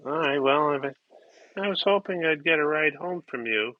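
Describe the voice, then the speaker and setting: A man playing an awkward amateur stand-up comedian who chuckles at his own weak jokes and clears his throat nervously. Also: a little high, animated, moderate pace, no room sound, phone-quality sound, natural voice. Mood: deflated. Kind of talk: comedy sketch stand-up bit.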